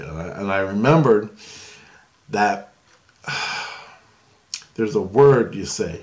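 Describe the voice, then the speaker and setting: A man's voice: lowish voice, lively intonation, slow pace, pauses often, a little mellow. A man telling a rambling story to camera in a casual way, laughing often and losing his thread. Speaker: vlogger.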